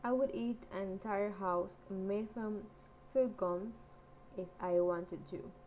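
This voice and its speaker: A bossy male dog, read by a woman in a storybook tale, who boasts and demands. The delivery is slow and measured, with a faint hiss in the background. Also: mid-range voice, steady tone, mellow, dull audio, lightly acted.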